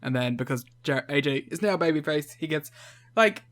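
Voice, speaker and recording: A man's voice: fairly high pitch, lively intonation, fairly quick, a bit bright. A man co-hosting a podcast in casual chat, joking, swearing and laughing often. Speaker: podcast co-host.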